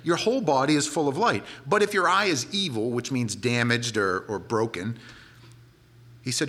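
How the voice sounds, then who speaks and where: A man's voice: medium pitch, normal speed, a bit bright. A man preaching a sermon, retelling a scripture story in a casual, conversational way.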